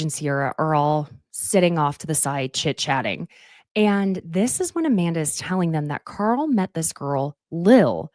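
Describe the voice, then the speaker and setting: A woman's voice: sits low, a little mellow, no echo, studio quality. A young woman hosting a podcast, recapping a reality show in a chatty, opinionated way and quoting cast members. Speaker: podcast host. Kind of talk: casual recap commentary.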